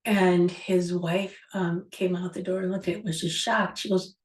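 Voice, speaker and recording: A woman's voice: lowish voice, level tone, normal speed. A woman hosting a show, musingly retelling a childhood story with a reflective, rambling manner. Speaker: host. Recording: echoey room, far from mic.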